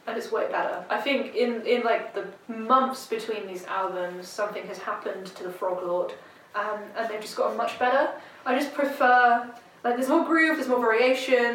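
A woman's voice: a little high, a bit bright. A woman chatting casually, loose and chatty with fillers and laughs. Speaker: podcast co-host. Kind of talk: casual chat, music review. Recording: echoey room, distant mic, faint noise.

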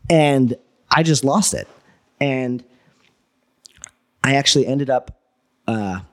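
A man, a guest entrepreneur, telling a story in casual talk, swearing and acting out what people said. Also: mid-range voice. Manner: animated, swearing, acts out quoted dialogue.

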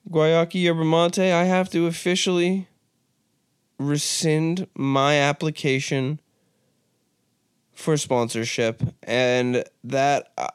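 A man's voice: mid-range voice, smooth, no room sound, studio quality. A young man hosting a podcast, riffing through a crude, rambling comedic monologue with mock-serious asides. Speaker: podcast host.

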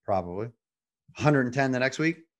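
A man's voice: mid-range voice, lively intonation, normal speed, muffled recording. A man hosting a podcast, coaching with a motivational tone and frequent rhetorical questions. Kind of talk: conversational podcast.

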